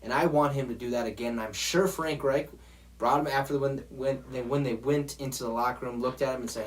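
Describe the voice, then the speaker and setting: A man's voice: mid-range voice, steady tone, fairly quick, a little hiss or hum. A man hosting a football show, ranting in a profane, exasperated way straight to his viewers. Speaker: sports show host. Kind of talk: heated football rant.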